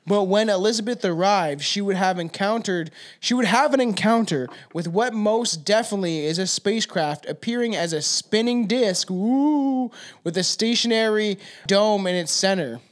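A man's voice: sits high, moderate pace. A young man co-hosting a casual podcast, rambling loosely and swearing freely as he tells a story. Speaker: podcast co-host. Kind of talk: casual stoner podcast chat.

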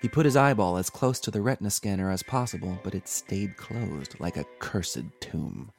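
A man hosting a horror podcast, reading a scripted horror story with dramatic, measured delivery. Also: sits low, animated, gravelly. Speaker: horror podcast host and narrator. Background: faint music.

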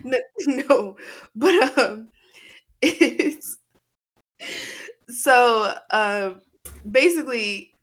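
A woman's voice: fairly high pitch, lively intonation, drawn-out words, pauses often. A woman co-hosting a casual podcast, talking candidly and rambling, swearing freely and leaning on "like" a lot. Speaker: podcast co-host. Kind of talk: casual chat.

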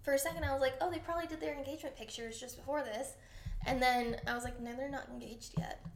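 A woman's voice: sits high, steady tone, fast, reverberant. A woman co-hosting a podcast in casual chat, chatty and swearing freely. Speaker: podcast co-host.

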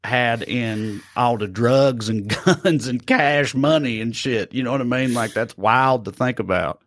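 Male co-host, mid pitch, playful rambler, dry close recording. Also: measured pace, fairly bright tone, no echo. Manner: rambling, playful, slips into mock accents. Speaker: podcast co-host. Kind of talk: casual comedic news chat.

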